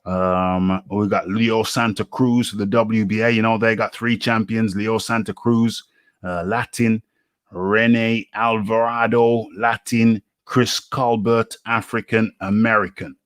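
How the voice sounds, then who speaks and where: Host: man, low unhurried voice, thinking aloud with lots of ums, dry close sound. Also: little pitch movement, fairly bright tone, no echo. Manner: musing aloud, many fillers and pauses. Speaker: boxing radio host. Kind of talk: casual solo commentary.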